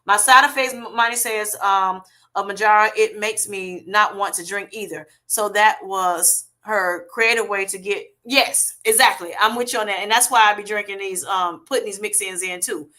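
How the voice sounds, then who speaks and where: Bright-voiced chatty middle-aged woman. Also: medium pitch, steady tone, moderate pace. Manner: chatty, affectionate, calls viewers honey and baby. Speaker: livestream host reading viewer comments. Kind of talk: casual livestream chat.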